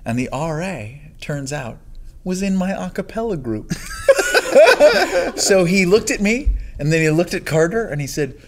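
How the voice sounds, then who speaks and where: A man hosting a casual chat, telling a story with animated energy and frequent laughter. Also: fairly high pitch, unhurried, a little hiss or hum. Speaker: podcast host.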